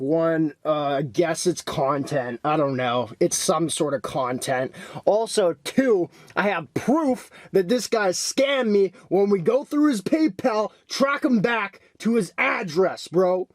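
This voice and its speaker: A young man talking casually in a vlog, excitable and swinging between hype and frustration. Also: high voice, takes it slowly, dry recording. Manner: excitable, swings from hyped to deflated and angry. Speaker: vlogger.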